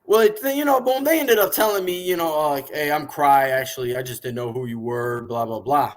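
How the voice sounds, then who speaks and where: A man being interviewed, telling long, animated, profane stories about the music business in a casual way. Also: fairly high pitch, brisk. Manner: animated, profane, rambling storyteller. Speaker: interview guest, music industry figure.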